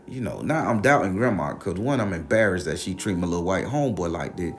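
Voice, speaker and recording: A man with a low, gravelly voice recounting a story in a loose, slangy way. He swears freely and keeps the telling animated. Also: fast talker, hardly any pauses, faint music behind. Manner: profane, animated, slangy retelling. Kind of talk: casual spoken storytelling.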